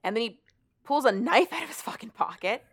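A woman's voice: a little high, expressive, fairly quick, breathy edge. A woman co-hosting a podcast, retelling a book's plot in a rambling, casual way with plenty of swearing. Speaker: podcast co-host. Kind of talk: casual book recap chat.

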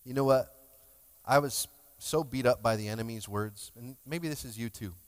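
Pastor preaching in an echoing hall. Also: male voice, medium pitch, moderate pace, smooth. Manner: conversational and emotional, jokes with the congregation. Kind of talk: sermon. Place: church sanctuary. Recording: long hall reverb.

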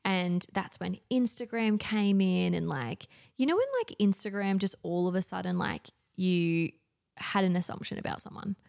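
A woman's voice: on the low side, moderate pace, creaky, a little mellow. A woman in her thirties with an Australian accent, telling stories as a podcast guest in casual chat, full of fillers. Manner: chatty storytelling, many fillers.

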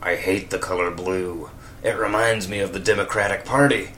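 A man's voice: low-pitched, fairly even intonation, moderate pace, pushed and bright, a little hiss or hum. A man voicing a male conspiracy radio host who rants in a hostile, snarling way.

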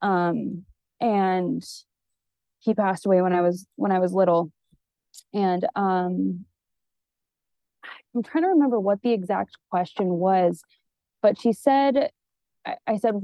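A woman's voice: mid-range voice, slow pace, pauses often, dark tone, no room sound, muffled recording. A woman therapist talking as a podcast guest in an earnest, rambling way, with many fillers, and sounding teary. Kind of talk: casual conversation.

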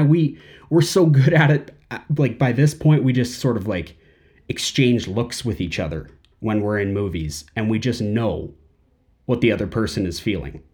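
A man's voice: medium pitch, warm tone. A man hosting a podcast in a casual monologue, rambling and full of fillers. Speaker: podcast host.

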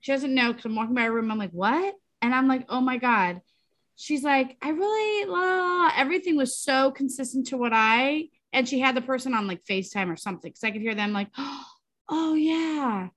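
Woman, 40s, podcast co-host; chatty, rambling delivery, pitched a bit high. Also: brisk, a bit bright. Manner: chatty, rambling storyteller with many fillers. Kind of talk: casual chat.

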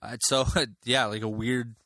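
A man's voice: mid-range voice, flat delivery, unhurried, bright, forceful tone, no echo, clean studio sound. A man in his thirties, a comedian guest chatting casually, laid-back and rambling, laughing easily. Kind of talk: casual chat.

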